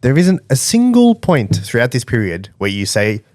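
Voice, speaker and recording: A man's voice: mid-range voice, normal speed, no echo, studio quality. A man, co-hosting a podcast in casual chat, telling stories with slang and a laugh. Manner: animated, laughing storyteller, slangy. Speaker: podcast co-host.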